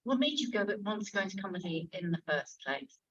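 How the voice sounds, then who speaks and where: A woman interviewing a guest at a book event, asking relaxed, halting questions. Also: medium pitch, husky. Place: bookshop event room. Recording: muffled event recording.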